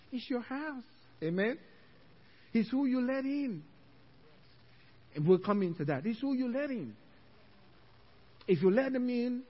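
Husky pastor preaching in a high voice. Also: male voice, in a large hall, highs cut off. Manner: storytelling, animated, laughs often. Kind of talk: sermon.

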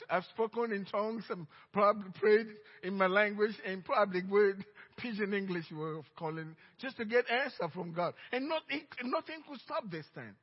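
A middle-aged man with a Nigerian accent preaching a sermon as pastor, telling stories emphatically and swinging between loud outbursts and hushed asides. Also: sits high, slightly rough. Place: church sanctuary. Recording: dull reverberant church recording.

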